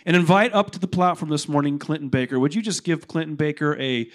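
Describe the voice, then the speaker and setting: A male pastor with a slightly high voice, speaking from a church platform as he brings a friend up to share. He talks warmly and slips in a joke. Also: quick pace. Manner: warm, joking aside. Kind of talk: introducing a guest from the pulpit. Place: church platform, in front of congregation.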